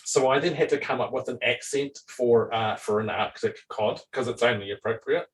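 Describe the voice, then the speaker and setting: A man chatting casually as a dungeon master, rambling and animated, with frequent restarts and swearing. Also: mid-range voice, normal speed, far from the mic, rough recording. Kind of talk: casual chat.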